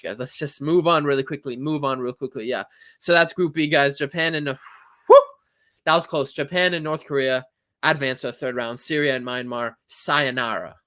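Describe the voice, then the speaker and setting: A man's voice: medium pitch, steady tone, fairly quick, fairly bright tone. A young man giving a casual, opinionated football recap, chatting in a rambling way with frequent restarts. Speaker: football channel host.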